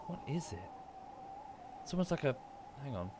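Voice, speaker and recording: A man's voice: mid-range voice, big pitch swings, moderate pace, background noise. A man streaming a game from home, thinking aloud in casual commentary with muttered asides and self-corrections. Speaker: gaming streamer.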